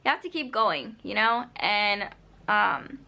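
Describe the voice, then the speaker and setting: This young woman vlogs casual, unplanned advice to camera, filling it with "like" and "you know." She speaks slowly in a medium-pitched, creaky yet bright and forceful voice with lively intonation, earnest and direct throughout.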